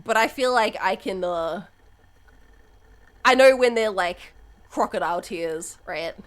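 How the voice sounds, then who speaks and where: A young woman streamer chatting candidly on a live stream, swearing freely and breaking into loud laughs. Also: medium pitch, a little slow. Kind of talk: casual live-stream chat.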